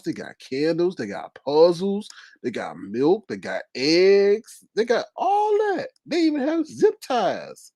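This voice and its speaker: A man hosting a live stream in casual chat, animated, often laughing and exclaiming. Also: fairly high pitch, breathy edge, no room sound.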